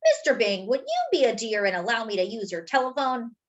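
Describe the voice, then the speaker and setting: A woman voicing a fussy, dramatic little male doughnut that talks in a prim, indignant way. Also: wildly swooping pitch. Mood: sweetly sly. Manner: prim, indignant, high and slow. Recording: dull lo-fi sound.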